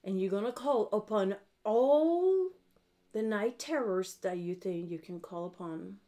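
A middle-aged witchcraft host talks viewers through a spell with a warm, medium-pitched voice, lively intonation, and a measured pace. She's straightforward and chatty, swears a lot, and often checks in with her audience.

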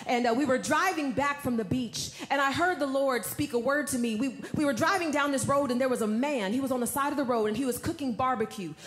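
A woman preaching a sermon, telling a story in a folksy way that swings from hushed tones to shouts. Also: high-pitched, brisk, hardly any pauses, reverberant.

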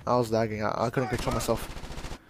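A man's voice: medium pitch, level tone, a little fast, background noise. A young adult man giving casual, joking, profane commentary while playing a shooter game. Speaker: gamer.

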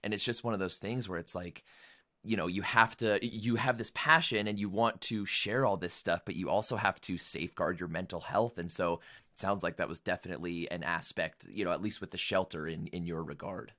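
A man's voice: deep voice, brisk, bright, forceful tone. A man hosting a casual podcast interview, asking earnest, rambling questions. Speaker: podcast host.

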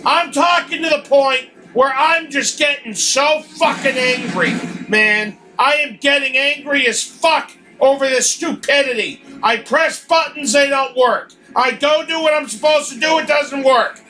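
Young man, gaming commentary, very high voice, angry shouting, bright edge. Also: a little slow, few pauses. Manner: frustrated, swearing, shouting outbursts. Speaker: gaming video host. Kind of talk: angry let's play commentary.

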